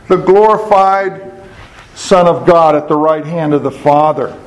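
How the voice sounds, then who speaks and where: Slow, high-voiced man teaching scripture. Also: rough recording. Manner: asks the audience questions and answers them himself; repeats key words for emphasis. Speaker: Bible teacher. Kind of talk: sermon.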